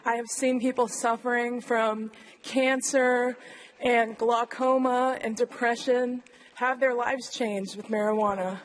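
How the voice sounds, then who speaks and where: A woman addresses a city council in a humble, pleading tone. Her voice sits a little high. She speaks plainly to the room. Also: steady tone, a little slow, rough recording. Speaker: public commenter. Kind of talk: public comment. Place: council chamber.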